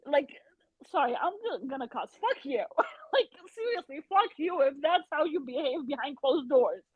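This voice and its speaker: A woman's voice: sits high, moderate pace, no echo. A woman guest telling a story in a casual podcast chat, animatedly acting out what people said. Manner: animated retelling, acts out quotes. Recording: tinny phone-like remote call.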